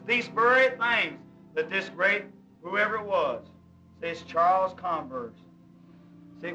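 A man's voice: sits high, pushed and bright, highs cut off. A man preaching a fervent, folksy sermon in plain vernacular, breaking into hymn singing. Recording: old recording, voice a bit far from the mic, with music. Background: hymn music.

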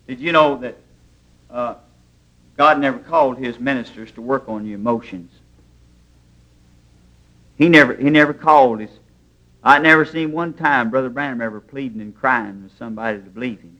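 A man preaching in a church, a mid-pitched voice that tells folksy stories with homespun grammar. The sound is dull and lo-fi, like an old sermon tape. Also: a bit bright. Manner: folksy storytelling preaching, plain rural grammar.

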